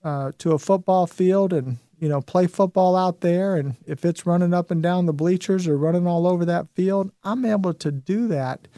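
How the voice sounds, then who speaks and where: A man's voice: high-pitched, normal speed, hardly any pauses, mellow, no room sound, studio quality. A man in his fifties hosting a show, giving an emphatic motivational talk and repeating his key phrases. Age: 50s. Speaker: host.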